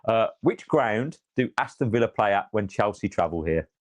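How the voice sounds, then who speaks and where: A man's voice: on the low side, expressive, normal speed. A man hosting a casual football podcast, quizzing his co-hosts, chatty and swearing now and then. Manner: chatty, says mate a lot, swears. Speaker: host asking quiz questions.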